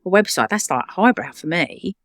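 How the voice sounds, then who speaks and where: A middle-aged woman from the UK, a charity founder telling stories in an interview, animated and quick to laugh. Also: fairly low pitch, no room sound, studio quality. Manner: animated, laughs often, acts out quoted voices. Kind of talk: conversational interview storytelling.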